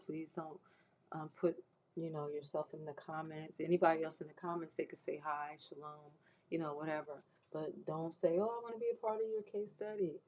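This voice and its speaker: On a faith-based livestream, a female host makes a heartfelt, preacherly appeal to viewers, earnest and emotional to the point of near tears, repeating herself with frequent restarts as she encourages them. Her voice is low-pitched with a darkish tone, and the poor audio carries a little hiss or hum.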